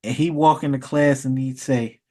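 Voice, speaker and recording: A vlogger with a mellow, medium-pitched voice and fairly even intonation tells a story as a casual rant at a moderate pace. He rambles and swears, frequently restarting and repeating words.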